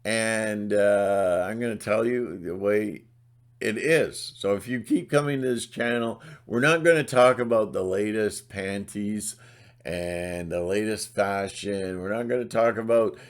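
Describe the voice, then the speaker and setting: A middle-aged man delivers a blunt, sarcastic rant as a channel host, and his voice is low and gravelly. He talks slowly and deliberately, rambling, stopping to restart, and now and then slipping into mocking voices. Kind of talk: ranting monologue.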